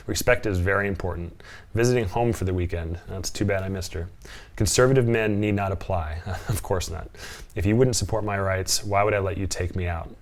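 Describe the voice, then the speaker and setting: Sarcastic low-voiced man. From from Portland area. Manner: sarcastic, reads profiles aloud and mocks them with chuckles. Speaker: vlogger reacting to dating profiles. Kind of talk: casual reaction commentary.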